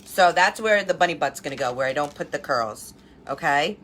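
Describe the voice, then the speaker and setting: A woman's voice: low-pitched, animated, moderate pace, a bit bright, slight background noise. A woman hosting a live crafting stream from home, chatting and greeting viewers by name as she works. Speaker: craft livestream host.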